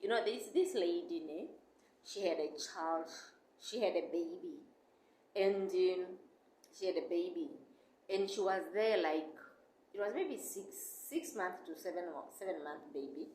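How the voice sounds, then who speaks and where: A woman's voice: lowish voice, a little slow, mellow. A young woman vlogger chatting casually and emotionally, rambling and calling her viewers "guys". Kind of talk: casual chat. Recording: echoey room with faint noise.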